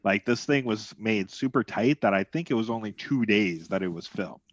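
A man co-hosting a film podcast, easygoing and measured in casual chat. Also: on the low side, animated, dry recording, dull audio. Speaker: podcast co-host.

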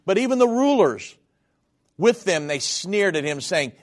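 A man's voice: big pitch swings, a little slow. Earnest man preaching a sermon. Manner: earnest, heartfelt, wide swings in pitch and volume. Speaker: radio preacher.

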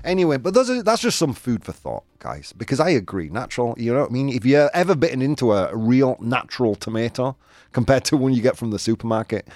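A man's voice: medium pitch, big pitch swings, fast, a little mellow, dry recording. A man with a Yorkshire accent hosting a playful live-stream quiz, teasing and laughing with the chat. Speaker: host.

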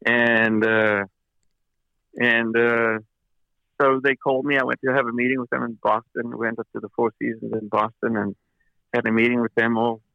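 A man's voice: medium pitch, level tone, normal speed, vocal fry, no room sound, lo-fi sound. A man, a record producer as an interview guest, telling long anecdotes with many fillers and restarts. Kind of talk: interview storytelling.

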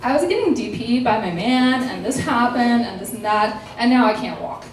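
A young adult woman telling a personal story in casual chat, animated and dramatic, acting out quotes with laughing asides. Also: a little high, normal speed, far from the mic, slight background noise. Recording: echoey room, voice off-mic.

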